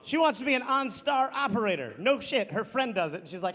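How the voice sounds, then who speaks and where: A man's voice: sits high, sing-song, quick pace, few pauses, fairly bright tone, slight background noise. A man from Wisconsin doing sardonic stand-up comedy on stage. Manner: sardonic storytelling. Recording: live club with audience laughter.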